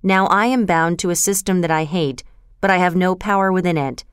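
A woman voicing an earnest, troubled young nobleman in a storybook reading, with a smooth, clear voice. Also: lowish voice, fairly quick, no echo, clean studio sound, lightly acted. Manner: earnest, pleading.

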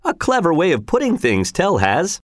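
A man reading aloud, voicing an excitable villager who fawns over clever phrases. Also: a little high, moderate pace, no echo, studio quality, voice pushed up. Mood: admiring. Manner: eager, fawning approval. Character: admiring, excitable male villager.

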